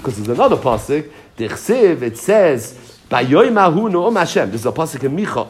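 Animated man teaching Talmud. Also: on the high side. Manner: animated, mixes Aramaic and Hebrew terms into English explanation. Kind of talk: Talmud class lecture.

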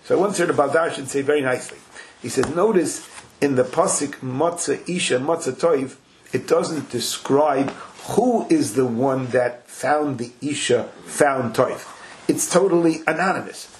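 A man teaching a Talmud class to a small group, animated and acting out the quoted dialogue, with Hebrew and Yiddish terms mixed into his English. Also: medium pitch, normal speed, a little hiss or hum.

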